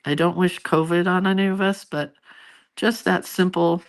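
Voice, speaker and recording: A woman's voice: fairly low pitch, steady tone, normal speed. Middle-aged lady chatting on her live stream, reading viewer comments, rambly and friendly. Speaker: art teacher hosting a live stream.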